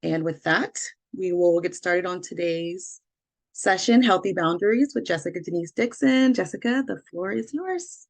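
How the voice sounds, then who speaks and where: A woman hosts an online workshop over a video call, reading the opening and housekeeping notes. Her voice sits a little low, and she talks in a careful, measured way with small self-corrections. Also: expressive. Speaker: community engagement manager, workshop host.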